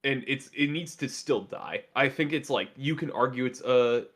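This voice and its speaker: A man co-hosting a casual live stream, giving quick, blunt opinions with lots of "like" filler. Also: mid-range voice, a bit bright. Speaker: co-host on a livestream.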